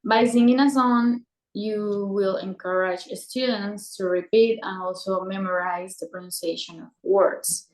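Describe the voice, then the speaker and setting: A woman's voice: medium pitch, steady tone, darkish tone. A woman presenting teaching techniques, reading aloud carefully. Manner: slow, careful, read-aloud delivery. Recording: echoey room.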